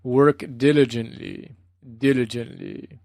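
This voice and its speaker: A man imitating an older male meditation teacher, repeating a phrase in a slow, rhythmic, chant-like way. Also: mid-range voice, steady tone, vocal fry, a little mellow, no room sound, studio quality. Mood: calm, urging. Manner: drawn-out, chant-like repetition.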